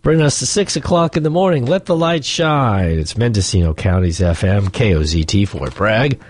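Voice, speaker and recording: A man hosting a morning radio show in the studio, hoarse from a cold, talking in a wry, rambling way with joking asides. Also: on the low side, lively intonation, normal speed, no room sound. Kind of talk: casual radio banter.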